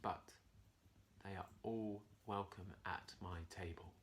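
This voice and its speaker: Man doing a gentle, wise lion king. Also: low-pitched, slow pace, voice pushed down. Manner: gentle, calm, quiet.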